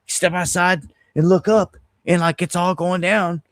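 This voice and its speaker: A middle-aged man hosting a casual livestream, telling a story in an animated, heated way and restarting his sentences often. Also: high voice, unhurried, dry recording. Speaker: host of an independent news livestream.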